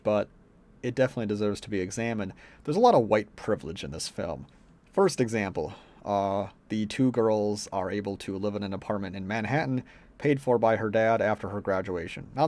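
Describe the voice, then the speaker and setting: A man's voice: lowish voice, darkish tone. A man giving a casual, rambling film review, blunt and profane, with many fillers. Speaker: movie reviewer.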